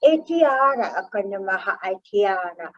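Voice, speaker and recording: A woman's voice: mid-range voice, animated, normal speed. A woman speaking light language in flowing, sing-song syllables over muffled video-call audio.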